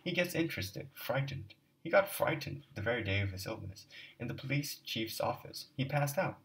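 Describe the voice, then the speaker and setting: A man voicing a bewildered, eager young male friend who is quick to agree. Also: medium pitch, lively intonation, a bit bright, distant mic, voice pushed up, poor audio. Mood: worried.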